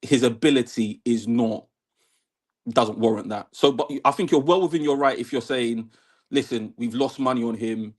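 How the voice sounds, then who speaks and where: Brief: calm male caller, measured and even-tempered, mid pitch. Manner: level-headed, measured. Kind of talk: casual football chat.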